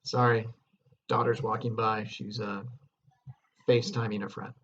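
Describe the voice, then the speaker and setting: A man's voice: fairly low pitch, flat delivery, a little slow, fairly bright tone, muffled recording, a little hiss or hum. A man teaching a lesson on a stage play, explaining scenes casually and reading passages aloud.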